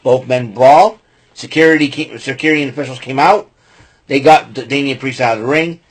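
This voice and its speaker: A man's voice: mid-range voice, brisk, slightly rough. A man hosting a podcast, giving a rambling casual recap with lots of fillers and restarts and blunt opinions. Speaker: podcast host recapping wrestling.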